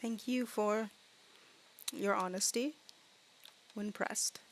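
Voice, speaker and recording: A woman voicing a calm, polite dragon who speaks softly, almost in a whisper, in a tabletop game. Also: mid-range voice, slow pace, a little hiss or hum. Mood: dry. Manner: soft, polite, nearly whispered.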